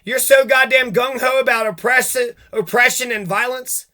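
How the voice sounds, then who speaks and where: A man's voice: extremely high pitch, steady tone, normal speed, pushed and bright. A man delivering a heated, profane rant, cursing and jumping from one grievance to the next.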